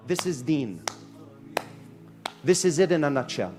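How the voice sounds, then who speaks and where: A man preaching a lively sermon to a live audience in a hall, mixing Arabic phrases into his English. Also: a little high, a little slow, faint music behind. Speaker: Islamic preacher. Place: hall with a sound system and echo.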